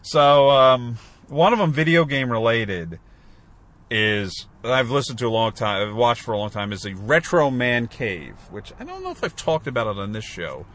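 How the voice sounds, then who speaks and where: A man co-hosts a podcast, rambling casually with plenty of fillers and restarts. His voice is medium-pitched and sing-song, fairly bright, at a moderate pace.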